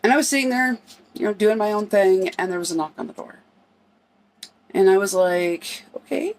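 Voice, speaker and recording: A middle-aged woman tells a personal family story in a relaxed, conversational way. Her voice sits at an ordinary middle pitch, and she acts out what each person said as she recounts it. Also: moderate pace. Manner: conversational, acts out quoted dialogue in her telling.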